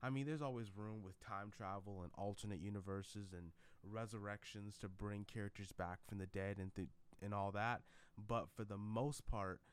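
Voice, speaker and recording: A man's voice: on the low side, fairly even intonation, normal speed, clean tone. A man vlogging in a casual, rambling way, with lots of fillers and restarts. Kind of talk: casual commentary vlog.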